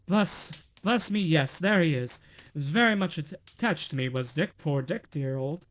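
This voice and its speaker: A man voicing an old miserly man who answers in short, halting, muttered phrases, a little lower than his reading voice. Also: animated, a bit bright. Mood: wistful.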